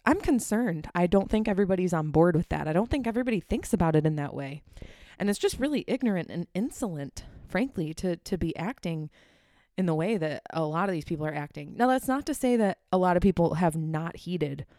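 A woman's voice: on the low side, a little mellow, no echo, clean studio sound. Rambling, profane young woman podcaster. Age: young adult. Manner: rambling, profane, easily sidetracked. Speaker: podcast host. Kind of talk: casual solo podcast rant. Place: her apartment at home.

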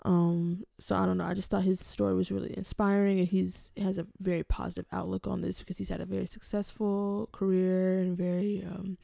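A woman co-hosting a podcast, sharing news in a relaxed, chatty way with many hesitations. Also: lowish voice, a little fast, gravelly, few pauses, no echo, clean studio sound. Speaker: podcast co-host. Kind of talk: casual podcast chat.

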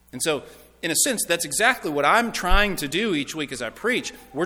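Emphatic preacher man, bright voice, hall echo. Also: a little high. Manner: earnest, emphatic, with repeated phrases. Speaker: pastor. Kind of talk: sermon. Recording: long reverb of a large hall.

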